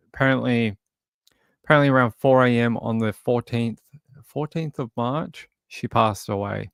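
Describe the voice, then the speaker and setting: A man's voice: mid-range voice, no room sound, clean studio sound. Rambling man hosting a live stream. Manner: rambling, halting, greets viewers by name. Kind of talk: casual live-stream commentary.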